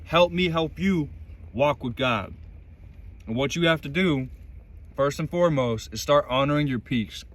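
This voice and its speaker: A man's voice: a little high, measured pace, fairly bright tone. A man vlogging from inside his van in the mountains, giving casual motivational faith talk in an intense, emphatic way and swearing freely.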